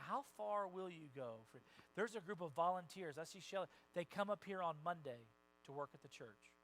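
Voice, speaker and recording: Animated male pastor preaching. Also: sits high, poor audio. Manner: animated, conversational preaching with quoted voices and sudden loud rises. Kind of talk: sermon. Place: church sanctuary.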